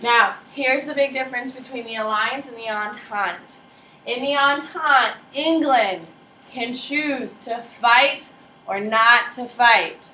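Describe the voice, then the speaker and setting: A woman gives a history lecture in a bright, slightly high voice, joking with the class and quizzing students by name. She is recorded from across an echoey classroom, with faint ambience behind her. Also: slow, far from the mic, a little hiss or hum. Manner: lively, casual, jokey, quizzes students by name. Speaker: history teacher.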